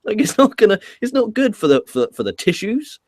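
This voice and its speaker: A man's voice: high-pitched, fairly quick, no room sound, studio quality. A man with an English accent hosting a casual wrestling review, ranting and swearing as he talks. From England. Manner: profane, animated ranting. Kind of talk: casual podcast chat.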